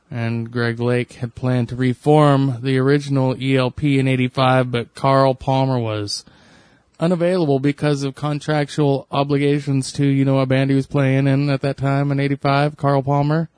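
A man with a plain mid-range voice shares trivia on a casual podcast, trading quick asides. The sound is close and dry. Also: medium pitch, level tone, a little mellow, smooth, no echo. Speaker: co-host.

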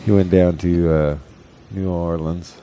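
A man's voice: deep voice, steady tone, a little slow, mellow. A man hosting a casual comedy podcast, crude and joking, laughing often as he talks. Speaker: podcast host and stand-up comic.

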